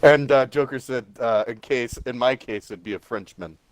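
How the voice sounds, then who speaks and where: A man co-hosting a podcast in casual chat, joking around with quick asides. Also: mid-range voice. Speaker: podcast co-host.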